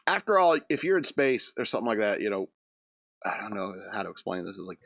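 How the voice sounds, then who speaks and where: A man's voice: fairly low pitch, sing-song, quick pace, creaky, fairly bright tone, no room sound, clean studio sound. A man hosting a comedy radio show, rambling through a loose monologue with restarts and chuckles.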